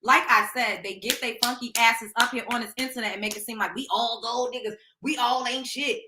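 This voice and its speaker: A woman's voice: a little high, fairly quick, echoey room, noisy background. A woman hosting a show and reacting to a clip, emotional, blunt and profane in casual commentary. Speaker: show host.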